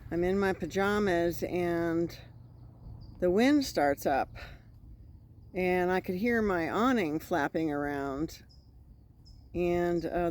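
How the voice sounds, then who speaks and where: A woman's voice: fairly low pitch, a little mellow. A woman vlogger casually retelling a scary night, acting out the voices she quotes. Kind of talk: casual storytelling.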